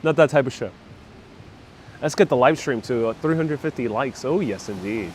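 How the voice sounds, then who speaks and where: A man with a medium-pitched voice and lively intonation talks at a moderate pace while hosting a casual live stream on busy city streets outdoors. He chats upbeat, laughs often, and reads viewer comments aloud. His wireless clip-on mic, paired with a phone on a gimbal, picks up faint traffic in the background.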